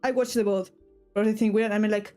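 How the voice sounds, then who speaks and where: A young Spanish woman with a Spanish accent chats casually in English to her stream while she draws, rambling and breaking off mid-thought with little giggly asides. Her medium-pitched voice is steady and dark-toned, she talks fast, and soft music plays in the background.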